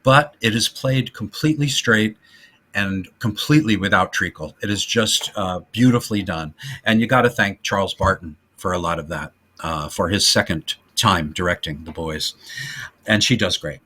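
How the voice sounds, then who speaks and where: Male podcast co-host, bright husky voice, animated storyteller, casual film chat. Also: low-pitched, moderate pace. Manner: animated retelling, acting out quotes in voices.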